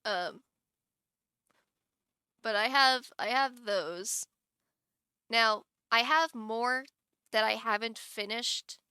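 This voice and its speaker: Giggly woman streamer, slow bright voice. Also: a little high, clean tone, no echo, clean studio sound. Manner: giggly, rambling with many restarts. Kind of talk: casual live-stream chat.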